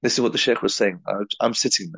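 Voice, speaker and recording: A man's voice: medium pitch, fast talker, fairly bright tone, breathy edge, no echo. A man from England giving a reflective spiritual talk, telling a personal story and weaving in Arabic and Urdu religious terms. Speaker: religious teacher.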